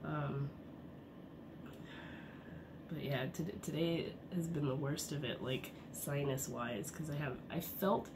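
A woman's voice: sits low, slow pace, long pauses. A woman in her thirties vlogging at home in a chatty, rambling way, her voice stuffed up from a cold. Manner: rambling, chatty, with frequent fillers and laughs. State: congested, sick voice. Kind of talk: casual vlog chat. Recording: noisy home recording.

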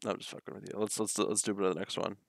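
A man's voice: lowish voice, flat delivery, quick pace, vocal fry, no echo, clean studio sound. A man streaming a game live, chatting casually in a joking, playful way and swearing freely. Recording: music behind the voice.

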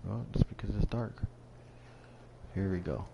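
A man's voice: on the low side, a little slow, gravelly. A man hosting his own gaming channel, giving casual commentary on a survival game with dry, wry asides. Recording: noisy home recording.

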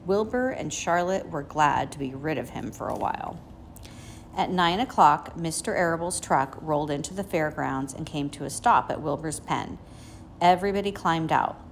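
A woman teacher reading a children's chapter book aloud in a gentle, measured way. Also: sits low, a little hiss or hum. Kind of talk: storybook read-aloud.

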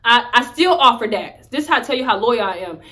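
A woman's voice: fairly high pitch, expressive, fast, fairly bright tone. A young woman vlogger telling a personal story in a candid, emphatic, conversational way. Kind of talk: story-time vlog.

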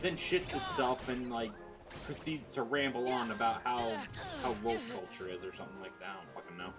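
A mid-pitched voice belonging to the host's friend, who rants in a sarcastic, profane way during casual chat. Game music plays loudly underneath. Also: brisk. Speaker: co-host friend.

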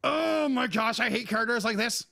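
A man co-hosting a podcast rants with emphasis and exasperation about an anime character in a casual review. His voice is very high-pitched, bright, and forceful, with vocal fry, and his pace is moderate.

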